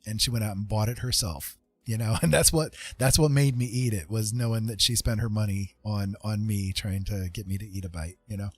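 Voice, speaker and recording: A man's voice: lowish voice, fairly even intonation, a little fast, hardly any pauses, slightly rough, no echo, soft background music. A man hosting a casual livestream chat, talking in an earnest, rambling way with lots of fillers, teary and with his eyes burning. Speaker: livestream host.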